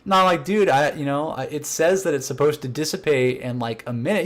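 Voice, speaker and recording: A young man is spinning a prank story on a casual chat show, and his voice sits a little high for a man. He acts out every line his coworkers said and chuckles as he goes. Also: brisk. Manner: animated, acts out quotes of coworkers; laughs while telling the story. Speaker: podcast co-host.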